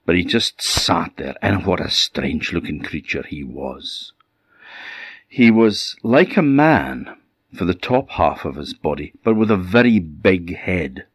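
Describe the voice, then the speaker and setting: A man with an Orkney Scottish accent telling a folk tale with animated delivery and dramatic pauses. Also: deep voice, breathy edge, no room sound, clean studio sound. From Orkney, Scotland. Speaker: storyteller.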